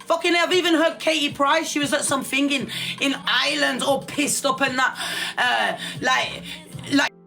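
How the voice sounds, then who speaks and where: A woman's voice: high-pitched, fairly even intonation, normal speed, gravelly, sharp tone, faint music behind. A middle-aged woman ranting on a livestream, brash and profane, calling everyone darling. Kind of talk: casual rant on a livestream.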